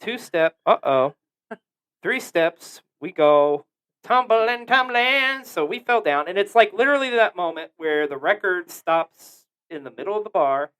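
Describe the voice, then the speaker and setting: A man's voice: high-pitched, expressive, measured pace, fairly bright tone, clean tone. A man hosting a podcast, telling a story in a casual, profane, joking way. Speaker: podcast host.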